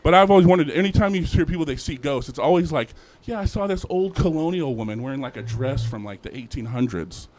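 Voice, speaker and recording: A young man performing a stand-up set at an open mic, animated, acting out characters in sudden put-on voices. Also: a little high, fast talker, few pauses, a little hiss or hum. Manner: animated, acts out characters with jumps in voice. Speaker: stand-up comedian.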